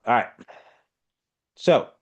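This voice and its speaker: Over a lo-fi video call, a man teaches an online EMS class as a casual lecture. He's blunt, informal and emphatic, and he draws out his words.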